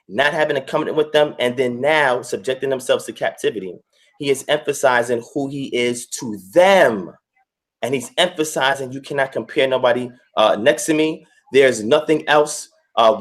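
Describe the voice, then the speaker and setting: Man teaching scripture point by point. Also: medium pitch. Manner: methodical, repeats key points for emphasis. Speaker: guest teacher.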